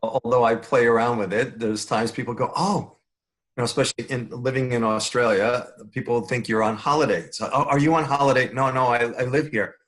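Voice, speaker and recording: A man's voice: mid-range voice, fairly even intonation, a little fast, fairly bright tone. An older man from the Bronx with a New York accent, a podcast guest who talks in a playful, joking way and laughs often. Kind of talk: casual interview chat.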